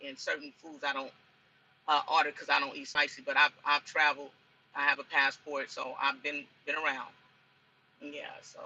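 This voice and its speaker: Forceful, husky woman truck driver vlogging. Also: sits low, highs cut off. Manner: chatty and rambling, repeats herself. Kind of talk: casual cooking vlog chat. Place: inside a truck cab.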